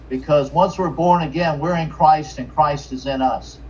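Pastor guy preaching, kinda high voice, stops and restarts a lot, sounds far off and muffled. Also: fairly even intonation, a little mellow. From Richmond, Virginia. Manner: earnest, halting, with many restarts and fillers. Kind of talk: sermon. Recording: distant, dull lo-fi mic with faint noise.

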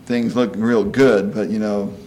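Man, sixties, preacher, folksy conversational sermon, lower voice, faint background ambience. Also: steady tone, a little slow, mellow, a little hiss or hum. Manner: folksy, asks "you know?" often, acts out quoted voices.

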